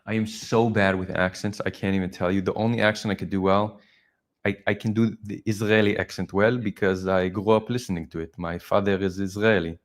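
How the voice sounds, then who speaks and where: A man's voice: deep voice, steady tone, a little fast. A man hosting a live stream, chatting casually and reflectively with viewers, rambling a little as he goes.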